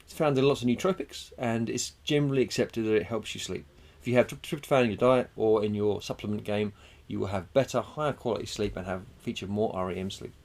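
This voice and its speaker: A young man co-hosting a casual podcast, joking and teasing his friend, with a husky voice. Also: on the low side, fast, few pauses, darkish tone. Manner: joking, teasing, laughs often. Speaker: podcast co-host. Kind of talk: casual banter.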